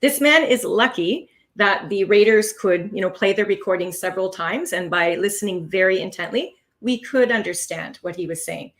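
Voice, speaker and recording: Expressive woman teaching a language test. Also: mid-range voice, normal speed, hardly any pauses. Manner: expressive, stresses key words, explains patiently. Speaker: test preparation instructor. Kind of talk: live online teaching session.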